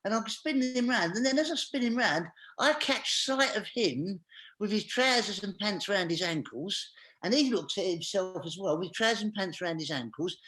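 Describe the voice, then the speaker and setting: A man's voice: high voice, expressive, moderate pace, bright, forceful tone. A man, a guest on a chat show, telling a comic anecdote and acting out each scene with animation.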